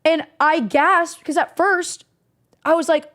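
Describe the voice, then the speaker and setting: A young woman streamer casually recapping stories to her chat, animated and swearing freely. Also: extremely high pitch, slow.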